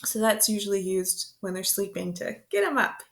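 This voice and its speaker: A woman teaching beginner words to parents, slow and patient, repeating each word in rhythm. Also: medium pitch, lively intonation, gravelly, background noise. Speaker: language teacher. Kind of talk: beginner language lesson.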